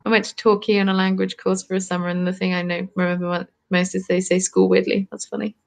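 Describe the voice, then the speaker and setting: A woman's voice: mid-range voice, little pitch movement, fast talker, vocal fry. A woman in her twenties with a southern English accent, chatting casually on a live stream while knitting and answering viewer comments. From southern England. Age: 20s. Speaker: crafting channel host. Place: cold home.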